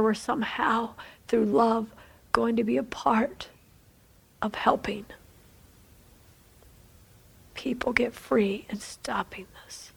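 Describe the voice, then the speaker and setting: A woman's voice: on the high side, vocal fry, breathy edge. A woman leading a fervent prophetic prayer, repeating phrases and often dropping into a whisper. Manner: fervent, repetitive, slipping into whispers. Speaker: prayer leader.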